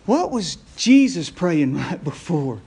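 High-voiced male pastor preaching. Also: slow, slightly rough. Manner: lively storytelling with frequent laughs and rhetorical questions. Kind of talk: sermon.

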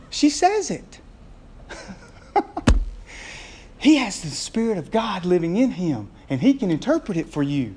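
A man with a high-pitched voice preaches a sermon. He tells the story in a lively way, chuckles often and keeps asking his listeners questions. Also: measured pace, long pauses, a little hiss or hum. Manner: lively storytelling with frequent laughs and rhetorical questions. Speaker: pastor.

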